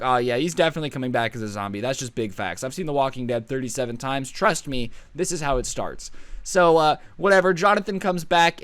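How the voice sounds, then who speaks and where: A man in his twenties telling a comedic high school story, sarcastic and animated. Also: smooth, dry recording. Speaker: storytime vlogger.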